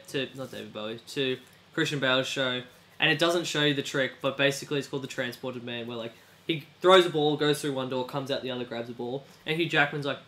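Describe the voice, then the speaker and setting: A man's voice: mid-range voice, sharp tone, a little hiss or hum. A young man retelling a movie plot in casual chat, rambling and acting out characters in silly voices. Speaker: podcast co-host.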